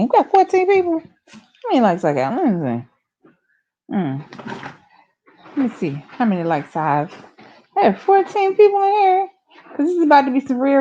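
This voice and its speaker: A woman's voice: a little high, dark tone, muffled recording. A woman co-hosting a casual livestream, half-whispering and chatting into a tiny clip-on mic. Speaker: livestream co-host. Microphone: small clip-on mic.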